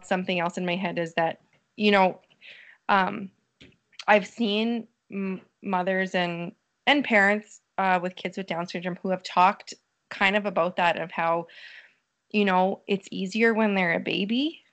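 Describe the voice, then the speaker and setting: A woman who is a mother, talking as a guest on a casual podcast. She speaks at a middling pitch in a thoughtful, hesitant way, with lots of fillers. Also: fairly even intonation, unhurried, fairly bright tone. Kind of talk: casual chat.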